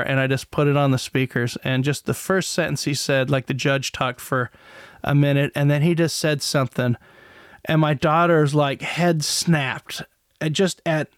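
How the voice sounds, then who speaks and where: A man's voice: a little high, no room sound, studio quality. A middle-aged man with a grown daughter, hosting an online show in a rambling, profane monologue with many restarts. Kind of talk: casual commentary monologue.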